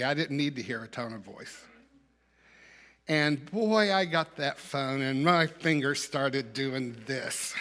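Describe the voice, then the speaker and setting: Bright-voiced man preaching a conversational sermon. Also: a little high. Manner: conversational storytelling, rhetorical questions, occasional laughs. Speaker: minister. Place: church sanctuary.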